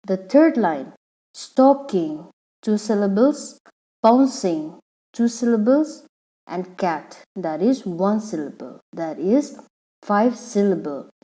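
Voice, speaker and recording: A woman teacher explaining a lesson patiently, repeating each word slowly so the syllables come through. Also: medium pitch, animated, dark tone, rough recording. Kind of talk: slow classroom explanation.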